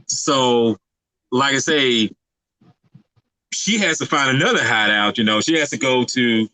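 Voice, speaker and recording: A man on a podcast giving a casual, halting movie recap full of fillers and restarts. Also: medium pitch, bright, forceful tone, no room sound, poor audio. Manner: rambling, halting with many fillers. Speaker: podcast co-host.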